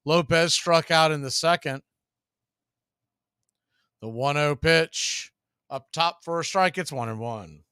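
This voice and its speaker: A man hosting a casual baseball play-by-play stream, chatting between pitches. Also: slow pace, pauses often, smooth, no echo, clean studio sound. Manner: relaxed, chatty, drifting into betting talk. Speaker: play-by-play announcer and show host.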